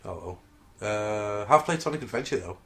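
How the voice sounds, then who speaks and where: A man co-hosting a podcast in casual chat, answering in short, dry, deadpan quips. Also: fairly low pitch, moderate pace, gravelly. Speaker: podcast co-host.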